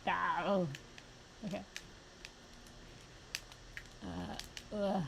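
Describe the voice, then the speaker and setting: A young woman streaming a fighting game, reacting with quick yelps, groans and laughs between plain remarks. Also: mid-range voice, animated, creaky, a little hiss or hum. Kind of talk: live gameplay commentary.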